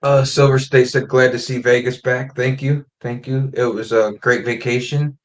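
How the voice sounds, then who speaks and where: A man hosts a laid-back livestream from home, working through viewer names in an easygoing ramble. His voice sits at an ordinary middle pitch, picked up close on a desk mic. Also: moderate pace. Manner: reads out viewer names and greetings in a relaxed, friendly ramble. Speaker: host. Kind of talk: casual livestream chat.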